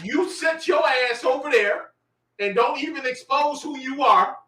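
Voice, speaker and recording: A man's voice: extremely high pitch, a little slow. A man hosting a casual talk, teasing his guest in a playful, slangy way. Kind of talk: casual podcast conversation. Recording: echoey room, mic distant, faint noise.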